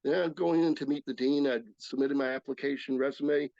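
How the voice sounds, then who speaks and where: Older man, 60s, personal testimony talk; gravelly, earnest, stops and restarts; dry, slightly muffled sound. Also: medium pitch, steady tone, darkish tone, no echo. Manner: earnest, halting storytelling with restarts. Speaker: speaker sharing his recovery story. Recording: slightly dull, dry recording.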